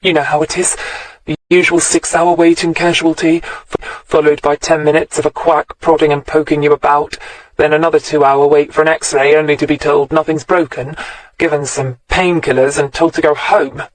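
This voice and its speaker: A woman's voice: low voice, level tone, normal speed, no room sound, natural voice. A man voicing an injured, tough young female police sergeant who talks dryly and curtly. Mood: wry. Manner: dry, curt, wry.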